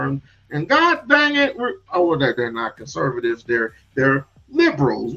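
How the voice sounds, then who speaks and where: A man voicing a cranky old rural man who rambles in a high, shouty voice, with dull lo-fi sound. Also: exaggerated voice. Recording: dull lo-fi sound with faint music.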